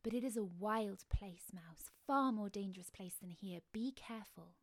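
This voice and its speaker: A woman's voice: mid-range voice, normal speed, no echo, natural voice. A woman voicing a wise, secretive male kingfisher in a spoken storybook, grave and courteous.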